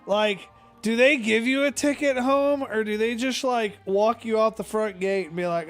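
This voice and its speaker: A man from Kansas telling stories in a casual chat, swearing constantly and animated. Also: high voice, normal speed, hardly any pauses, smooth, soft background music. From Kansas, USA.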